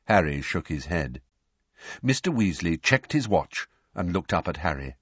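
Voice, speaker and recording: A man narrating a storybook in an expressive, even-paced way. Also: sits low, measured pace, breathy edge, no room sound, muffled recording. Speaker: audiobook narrator. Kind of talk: scripted narration.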